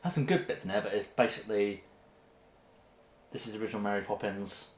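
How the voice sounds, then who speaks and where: A man's voice: fairly low pitch, steady tone, fast talker. A man co-hosting a casual mealtime chat, often stopping and restarting his phrases. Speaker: co-host. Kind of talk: casual chat over a meal. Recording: roomy echo with faint noise.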